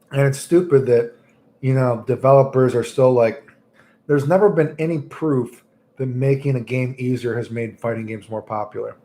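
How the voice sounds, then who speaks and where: A man's voice: medium pitch, dark tone. A man livestreaming in casual chat, rambling and making crude jokes as he talks about fighting games.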